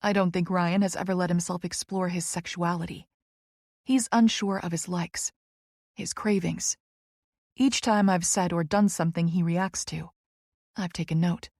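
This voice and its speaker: A woman narrating a first-person romance audiobook in a slow, hushed, intimate way. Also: lowish voice, fairly even intonation, no echo, studio quality.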